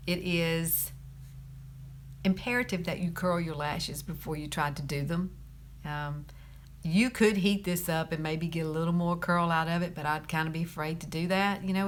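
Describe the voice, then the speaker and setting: A woman's voice: fairly low pitch, a bit bright, a little hiss or hum. A woman in her fifties from Alabama with a Southern accent, chatting through a makeup tutorial, laughing often and saying y'all. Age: 50s.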